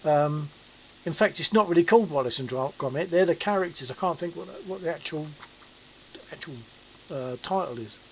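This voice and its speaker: A man's voice: a little high, animated, moderate pace, slight background noise, low-quality recording. A man in his seventies, chatting casually and rambling with livestream viewers from his home sim setup. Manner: rambling, chuckling, self-mocking. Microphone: desk mic.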